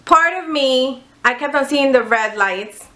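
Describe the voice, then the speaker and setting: A woman's voice: high-pitched, expressive, a little slow, pushed and bright. A woman vlogger animatedly retelling a story, acting out the dialogue, candid and exasperated, with some swearing. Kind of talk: casual storytime vlog.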